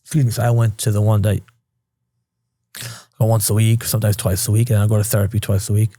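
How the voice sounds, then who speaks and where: A man in his thirties from Queens, New York, speaks in a lowish, mellow voice with a flat delivery and a quick pace, captured on a dry recording. As a podcast guest he tells his life story candidly and casually, bluntly swearing freely and acting out past conversations with quoted dialogue.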